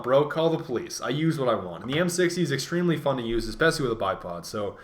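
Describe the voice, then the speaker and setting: A man's voice: mid-range voice, very animated, fast talker, few pauses. A man giving casual gameplay commentary, rambling along with jokes and self-mocking asides. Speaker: gaming commentator.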